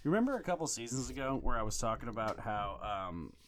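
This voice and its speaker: A man's voice: medium pitch, big pitch swings, fast talker, fairly bright tone, slight background noise. Profane, exasperated ranting man. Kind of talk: casual chat, ranting.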